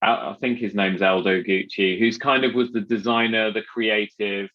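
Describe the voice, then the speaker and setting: A man hosting a podcast in relaxed, rambling chat, often restarting his sentences. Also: fairly low pitch, moderate pace, muffled recording. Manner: chatty, rambling with many restarts and fillers. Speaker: podcast host.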